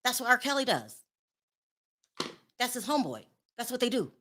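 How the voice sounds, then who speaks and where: Bright, sassy woman dishing gossip. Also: on the high side, very animated, moderate pace, slight background noise. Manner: blunt, sassy and dismissive. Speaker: celebrity gossip host. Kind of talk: casual commentary.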